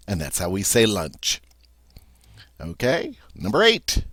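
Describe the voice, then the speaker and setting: A man teaching a vocabulary lesson, saying each word three times slowly and explaining it in plain terms. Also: lowish voice, sing-song, fairly bright tone, no echo. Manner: repeats each French word three times, slow and deliberate. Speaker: French teacher. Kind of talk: vocabulary lesson with repeat-after-me drills.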